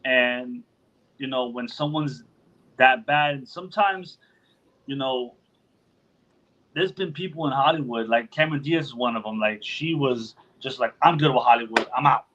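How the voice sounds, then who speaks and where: A man's voice: medium pitch, unhurried, pauses often, fairly bright tone, dull audio. A man hosting a podcast in casual chat, talking loosely and with plenty of swearing, often acting out what other people say. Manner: loose and profane, acts out quotes in other voices. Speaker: podcast host.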